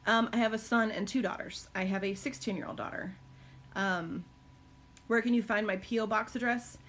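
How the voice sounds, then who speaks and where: A woman's voice: fairly even intonation, moderate pace, a bit bright, a little hiss or hum. A middle-aged woman chatting casually on a live stream from her home, answering viewer questions with many ums and likes. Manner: high cooing baby talk to her dogs. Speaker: live-stream host and caregiver mom.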